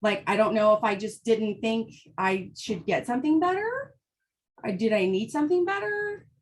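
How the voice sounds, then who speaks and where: Fired-up, blunt high-voiced woman. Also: expressive, moderate pace, slight background noise. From United States. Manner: fired-up, blunt, emphatic with frequent "right?". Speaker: host. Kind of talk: casual motivational talk.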